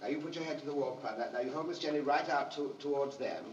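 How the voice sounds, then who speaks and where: A man directing child actors on a film set, coaxing them gently and then urging them on with quick, insistent cues, recorded on an old archival soundtrack. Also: medium pitch. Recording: distant, dull, hissy archival recording.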